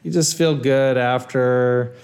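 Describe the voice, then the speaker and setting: A man's voice: mid-range voice, fairly even intonation, slow pace, darkish tone, clear, resonant tone. A man co-hosting a podcast, talking things through in a thoughtful, hedging, curious way. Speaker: podcast co-host. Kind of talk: casual chat.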